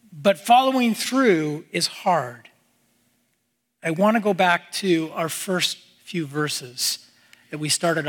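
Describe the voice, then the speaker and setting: A man preaching a sermon as pastor, earnest and repetitive, with his voice falling low at the ends of phrases. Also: a bit bright, long reverb tail.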